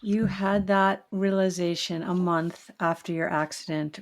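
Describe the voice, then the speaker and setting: A woman's voice: on the low side, fairly even intonation, a little slow, few pauses. A woman hosting an interview, praising her guest effusively and repeating herself for emphasis. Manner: effusive, full of praise and repetition. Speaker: podcast host.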